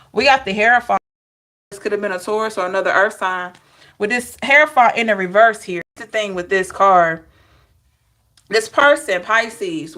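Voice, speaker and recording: A woman talks her viewers through a tarot spread in a loose, chatty way. She stays animated throughout and keeps breaking off for asides to the chat. Her voice sits at an ordinary middle pitch. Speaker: tarot reader. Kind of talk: casual tarot reading to viewers.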